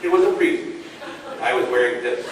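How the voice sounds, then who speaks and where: A man giving a humorous contest speech, telling an animated story that bursts into shouts. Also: mid-range voice, a little fast. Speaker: contest speaker. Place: large hall on stage. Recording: echoey hall from far off, noisy.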